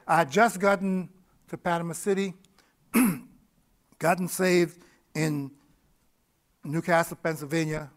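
A man's voice: on the high side, fairly even intonation, slow, long pauses. A middle-aged man preaching a personal testimony, telling his story with laughter, repeated words and sudden bursts of energy. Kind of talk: testimony sermon.

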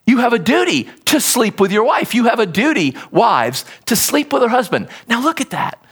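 A middle-aged man delivers a sermon in a lively, conversational style. His voice sits high for a man and swings widely up and down as he acts out quotes and explains the text. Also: normal speed, breathy edge. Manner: animated, conversational preaching with acted quotes. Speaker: pastor.

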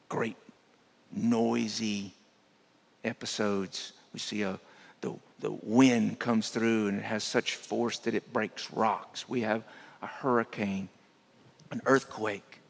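A man preaching a sermon as a guest speaker, dropping to a hushed voice to make his points. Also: fairly low pitch, gravelly. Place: church sanctuary. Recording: long church hall reverb.

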